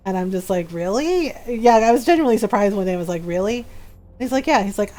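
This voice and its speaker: A woman in her forties streams and chats at an ordinary middle pitch, her talk loose and full of little fillers and easy laughter. Soft game music plays faintly underneath her voice. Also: expressive, fast. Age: 40s. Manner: chatty, laughs often, many fillers. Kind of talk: casual chat while gaming.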